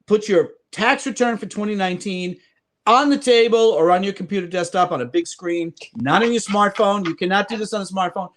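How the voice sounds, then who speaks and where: A man's voice: high-pitched, a little fast, fairly bright tone. A middle-aged man with a slight Irish accent, co-hosting a casual advice podcast from home and joking as he rambles. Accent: Irish-tinged. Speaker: podcast co-host, loan adviser.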